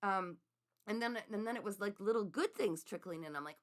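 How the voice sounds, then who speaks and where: A middle-aged woman hosting a live-streamed card reading, chatting with viewers in an animated way and laughing often. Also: mid-range voice, fairly quick. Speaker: psychic reader.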